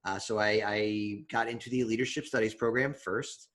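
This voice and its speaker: A young man co-hosting a podcast, telling stories in a relaxed, chatty way with many fillers and restarts. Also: on the low side, normal speed. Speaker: podcast co-host. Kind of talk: casual chat.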